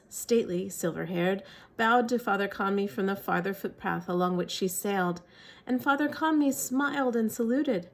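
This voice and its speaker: A woman, an author, reading literary fiction aloud in a measured, expressive way. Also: mid-range voice.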